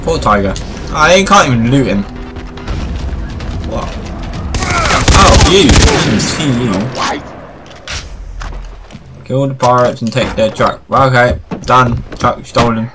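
A man commentating casually over a video game, cracking jokes and getting excited. He talks back to the characters on screen. His voice sits at an ordinary middle pitch for a man. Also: a little slow, long pauses, over music. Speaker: let's play host.

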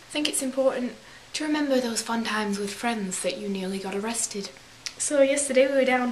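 A young woman vlogger telling rambling stories in a put-on English accent, often correcting herself as she goes. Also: fairly high pitch. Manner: rambling, self-correcting, chatty. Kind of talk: casual storytelling vlog. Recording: echoey room with faint hiss.

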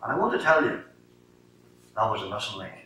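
Bright-voiced Northern Irish preacher, echoey church. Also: male voice, on the low side, fairly quick. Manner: animated storyteller acting out dialogue. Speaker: lay preacher giving testimony. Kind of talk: sermon testimony. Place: church sanctuary. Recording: echoey church from a distance with faint noise.

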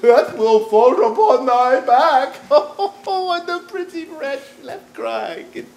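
Woman doing a rambling, giggly old nurse with a high, lively voice and slow delivery, roomy stage recording. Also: a little hiss or hum. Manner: rambling, laughs through her lines. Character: old chattering female nurse, bawdy and giggly. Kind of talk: amateur stage acting. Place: theater stage.

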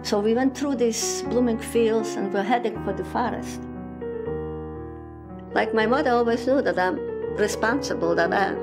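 A woman's voice: medium pitch, gravelly. Older woman. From Poland. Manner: halting, plain storytelling with quoted dialogue. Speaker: interviewee. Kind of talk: personal testimony.

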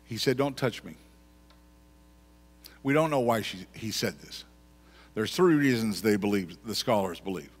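A pastor preaches a sermon in a church sanctuary, his voice fairly low and his pace moderate. He speaks in a conversational way, repeating phrases, and the recording carries the long reverb of the church hall.

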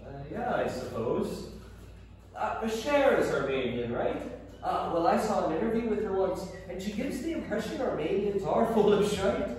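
A man's voice: sits high, very animated, a little mellow. A man with an Irish accent playing a tactless, rambling Irish man in a scripted comedy sketch. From Ireland. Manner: rambling, apologetic, quick to laugh. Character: chatty, tactless Irish man, laughs at own jokes. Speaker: character in a comedy audio sketch. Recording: echoey room, distant mic, faint noise.

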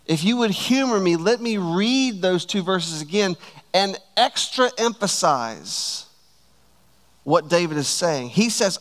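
A man preaching a sermon to his church, slow and emphatic, stretching out key words. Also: high voice, lively intonation. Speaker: pastor.

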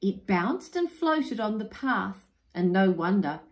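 A woman reading a children's picture book aloud, expressive and unhurried. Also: mid-range voice. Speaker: storyteller. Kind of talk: children's story read-aloud. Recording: roomy echo.

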